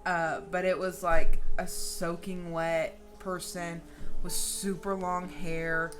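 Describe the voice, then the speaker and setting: A woman in her late twenties, telling a story to her viewers with a casual, swearing, theatrical delivery. Her voice is bright and crisp. Faint music plays behind her. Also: fairly low pitch, takes it slowly. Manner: animated, profane, dramatic storyteller. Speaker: vlogger.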